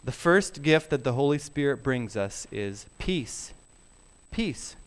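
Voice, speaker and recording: A middle-aged man preaching a sermon, emphatic and deliberate, sometimes dropping his voice very low. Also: lively intonation, clear, resonant tone. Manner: slow, emphatic preaching with soft drops to near whisper. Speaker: pastor.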